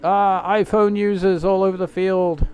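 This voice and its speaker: Over soft background music and a lo-fi sound, a man streams a racing game at home at night, joking and rambling to viewers as he plays. His clean, slightly mellow voice sits high, moves little in pitch, and runs a little slow.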